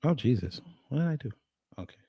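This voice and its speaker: A man's voice: medium pitch, very animated, fast talker, warm tone, husky, no echo. A man hosting a livestream, giving casual reaction commentary and repeating short phrases. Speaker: livestream host.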